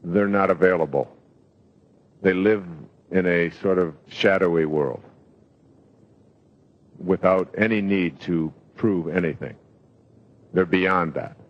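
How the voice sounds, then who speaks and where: An older man giving a motivational lecture, telling stories in a reflective way with pauses and fillers. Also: low voice. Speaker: motivational speaker. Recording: dull lo-fi lecture recording.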